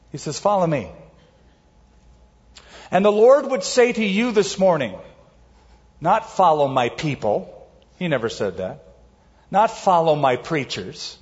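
A man preaching a sermon as a pastor, emphatic, slowing down to stress key words. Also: a little high. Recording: dull audio with long hall reverb.

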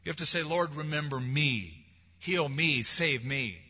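Husky bright preacher guy, sermon swinging loud then soft, dull echoey church sound. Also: on the high side, lively intonation, a little slow. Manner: preaching with swelling emphasis and soft drops. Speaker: pastor.

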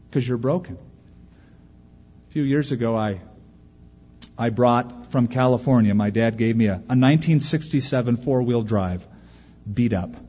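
A husky-voiced man preaching a sermon, animated and dramatic, his words rolling through a big reverberant church hall. The sound is a little muffled and dull. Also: mid-range voice. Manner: animated preaching with acted-out quotes and dramatic pauses. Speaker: pastor. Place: large church auditorium.

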